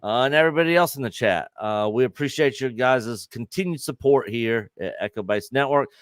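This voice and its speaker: An upbeat man hosts a casual livestream, reading donation messages to his chat. His voice is smooth and clear. The sound is dry and close, from a desk mic. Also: mid-range voice, dry recording. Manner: upbeat, reads donations aloud, quick affirmations. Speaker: host.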